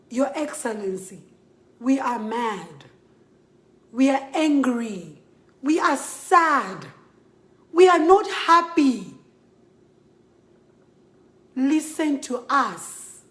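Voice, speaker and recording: A young Zambian woman, a model speaking out, makes an emphatic, impassioned appeal straight to camera in a Zambian accent. Her high voice echoes around the room as she repeats herself, pleading and scolding.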